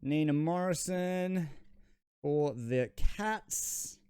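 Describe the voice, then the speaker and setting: A man's voice: on the high side, very slow, mellow, clean tone, dry recording, clean studio sound. A man with an Australian accent hosting a trading card channel, giving rambling, self-deprecating unboxing commentary.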